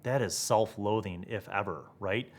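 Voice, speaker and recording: A young man hosting a tabletop gaming talk video, thinking aloud with excitement and asking rhetorical questions. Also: fairly low pitch, moderate pace. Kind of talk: animated solo talk to camera.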